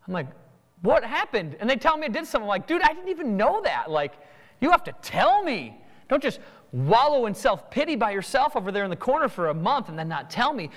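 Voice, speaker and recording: A man's voice: high-pitched, fairly bright tone, big-room sound. A man preaching a sermon, acting out both sides of everyday conversations. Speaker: pastor.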